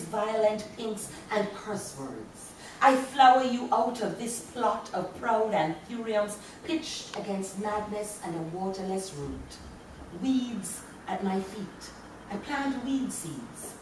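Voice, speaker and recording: A woman from Jamaica with a Jamaican accent, reading her poetry to an audience in a lecture hall and chuckling between lines. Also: medium pitch. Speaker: poet. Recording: very echoey hall, voice from far off, faint room noise.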